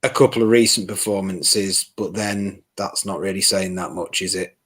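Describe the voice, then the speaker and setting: A man's voice: sits low, fairly even intonation, moderate pace, fairly bright tone, slightly rough. A man chatting on a podcast, telling a story animatedly and acting out what people said. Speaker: podcast co-host. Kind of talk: casual podcast chat.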